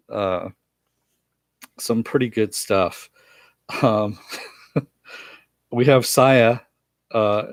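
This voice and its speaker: A man with a fairly low voice, talking through a TV episode in a loose, chatty recap. He chuckles often and leans on fillers as he retells the scenes. The sound is dry and close, with no room around it. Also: no room sound. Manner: chatty, laughs often, frequent uh fillers while recounting scenes. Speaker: TV episode reviewer. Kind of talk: casual spoken recap and review.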